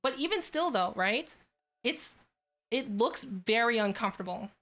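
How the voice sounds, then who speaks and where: Chatty woman streamer, high voice. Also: expressive, a little slow, fairly bright tone, faint music behind. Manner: rambling, filler-heavy, restarts often. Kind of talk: casual live-stream chat.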